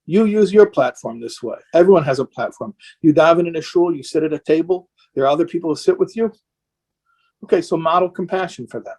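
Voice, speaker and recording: A man's voice: fairly high pitch, fairly quick, a little mellow, breathy edge. A man speaking as a rabbi in an impassioned question-and-answer talk, earnest and emotional, sounding tired and worn down.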